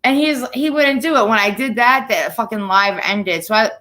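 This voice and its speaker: A woman's voice: on the high side, normal speed, crowd noise. A young woman hosting a casual chat, telling stories bluntly with plenty of swearing. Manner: profane, blunt storytelling. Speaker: podcast host.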